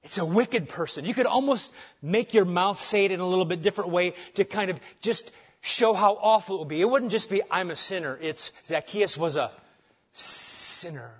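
A man preaching a sermon with emphasis, dropping soft on key phrases and rising when animated. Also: high-pitched, a little fast, breathy edge, dull audio. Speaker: pastor.

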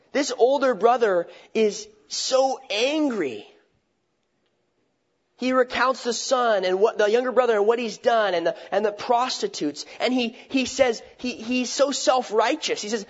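A man with a notably high voice preaches a sermon, talking it through conversationally. He poses rhetorical questions and often restarts his phrases, and the recording sounds dull and lo-fi. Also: lively intonation, normal speed.

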